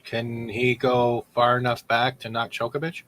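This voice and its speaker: A man with a bright, forceful voice joins a casual online chat as a guest and makes wry, joking remarks. A faint hiss of noise sits behind him. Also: medium pitch, completely flat delivery, a little slow.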